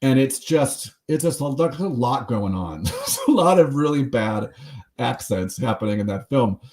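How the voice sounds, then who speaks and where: A man with a mid-pitched voice talks through the news on a casual podcast. He rambles in a loose, chatty way and tosses in quick asides and laughs. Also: expressive, a little mellow. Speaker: podcast host. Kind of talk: casual chat.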